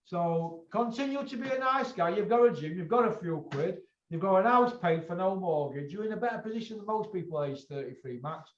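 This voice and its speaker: A man's voice: sits high, expressive, brisk, few pauses. A man hosting a boxing chat show, blunt and lecturing, swearing freely. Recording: echoey, dull lo-fi room sound.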